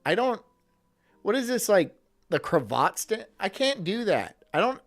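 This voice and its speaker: A man's voice: sits high, very animated, a little slow. Crude joking streamer man. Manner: crude, joking, laughs often, talks to chat. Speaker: streamer reacting to a video. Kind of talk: casual livestream chat.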